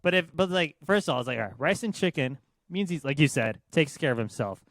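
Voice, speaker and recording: A man's voice: fairly high pitch, expressive, a little fast, a bit bright, no room sound. A young man co-hosting a podcast, giving crude, blunt opinions in a rambling way. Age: young adult. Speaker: podcast co-host. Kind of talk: casual chat.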